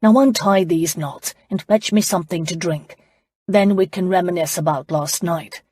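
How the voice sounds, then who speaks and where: A woman's voice: lowish voice, normal speed, a little mellow, slightly rough, no echo. A woman doing an arrogant, commanding duke. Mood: imperious. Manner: commanding, dry and sardonic. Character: arrogant impatient young duke, man.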